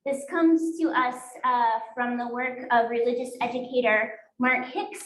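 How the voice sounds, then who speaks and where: High-voiced woman minister in an echoey church. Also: steady tone. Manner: slow, deliberate, inviting liturgical delivery. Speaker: guest minister. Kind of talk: leading a worship service. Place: church sanctuary. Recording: roomy echo in a sanctuary.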